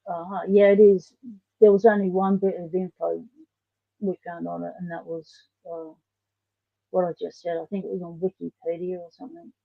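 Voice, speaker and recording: Gravelly Australian woman chatting on a stream. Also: fairly low pitch, flat delivery, normal speed, no echo. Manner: chatty, rambling, answers viewer comments. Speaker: livestream host. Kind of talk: casual livestream chat. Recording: dull lo-fi stream audio.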